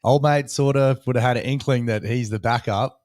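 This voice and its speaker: A man's voice: mid-range voice, steady tone, moderate pace, a little mellow, dry recording, clean studio sound. A man hosting a podcast, talking earnestly in short, reflective phrases. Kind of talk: casual interview chat.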